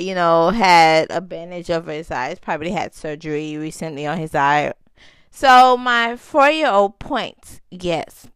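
A woman's voice: mid-range voice, fairly bright tone, smooth, no room sound. A young woman hosting a casual chat podcast for mothers, chatty and laughing, stretching out phrases for emphasis. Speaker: podcast host.

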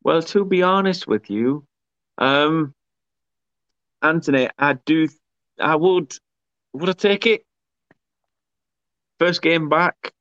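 A man's voice: a little high, takes it slowly, long pauses, a bit bright, no room sound, dull audio. A man hosting a casual talk show, chatty, laughing often and reading comments aloud. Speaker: podcast host reading viewer comments. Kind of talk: casual chat.

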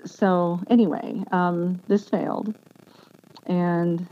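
A woman giving an earnest, emotional personal testimony as an interview guest, speaking haltingly with many restarts. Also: lowish voice, fairly even intonation. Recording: dull lo-fi sound with faint background noise.

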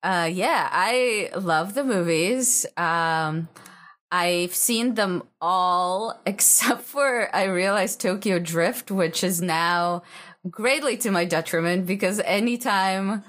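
A woman co-hosting a casual movie podcast in a lowish voice and at a slow, unhurried pace. She laughs often and pads her points with likes and I means. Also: fairly bright tone. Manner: dry, laughing often, hedging with fillers. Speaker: podcast co-host. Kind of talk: casual movie-review chat.

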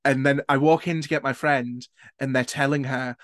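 A young British man hosts a casual podcast chat, candid and quick to swear. His voice sits at an ordinary pitch, and the recording is dry and close. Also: steady tone, fairly bright tone, dry recording. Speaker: podcast host.

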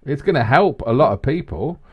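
A man chatting with a co-host, telling stories with animated energy and plenty of restarts. His voice sits at an ordinary middle pitch for a man. He is easygoing and loose. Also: a little fast, husky, lo-fi sound. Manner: animated storyteller, jumps into high mimicking voices. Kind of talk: casual chat.

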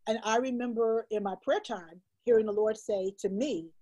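A woman's voice: fairly high pitch, normal speed, mellow, poor audio. A woman speaking as an illustrator and storyteller guest in an interview, talking with heartfelt emphasis and repeating phrases for stress.

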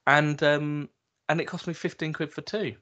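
A man's voice: on the high side, fairly even intonation, normal speed, sharp tone. A man co-hosting a podcast, chatting casually with a dry, teasing wit. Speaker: podcast co-host. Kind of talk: casual chat.

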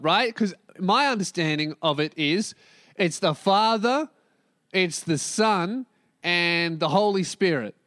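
A young man hosts a solo comedic podcast, yelling and ranting, swearing constantly, and jumping from topic to topic. His fairly high voice is animated yet slow, and the recording is dry with no room sound.

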